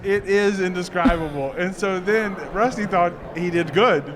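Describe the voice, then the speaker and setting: A man's voice: high-pitched, normal speed, crowd noise. A man hosting a casual panel chat in a playful, teasing, theatrical manner. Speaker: host.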